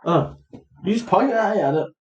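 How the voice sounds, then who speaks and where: Animated and sitting high in pitch, a man co-hosting a podcast chats through the plot of a film at a normal speed, rambling with plenty of fillers and false starts. The sound is lo-fi.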